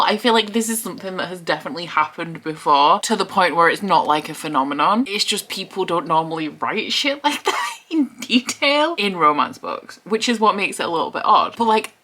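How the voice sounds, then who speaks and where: A woman's voice: on the low side, bright, forceful tone. A woman, chatting casually and rambling animatedly about books on her reading vlog. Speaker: book vlogger.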